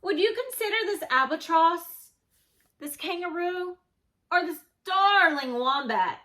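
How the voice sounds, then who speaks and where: Lady reading as a chirpy shelter guy in a storybook, high and quick, keeps pushing weird pets, real bright sound. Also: expressive, full character voice. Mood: eager. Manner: salesy, upbeat pitching. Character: eager pushy male animal shelter keeper.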